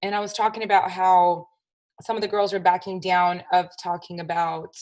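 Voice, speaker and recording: A woman's voice: fairly low pitch, little pitch movement, moderate pace, a little mellow, low-quality recording. A young woman hosting her own podcast, talking angrily and emphatically with a lot of swearing. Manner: angry, profane, emphatic. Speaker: podcast host. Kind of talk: solo podcast rant.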